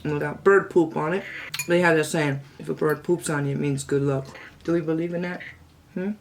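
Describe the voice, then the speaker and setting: A middle-aged woman hosting a casual home cooking vlog, chatting to viewers and cooing at her parrot in a high sweet voice. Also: steady tone, brisk, slight background noise. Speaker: cooking channel host. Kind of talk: casual chat to camera.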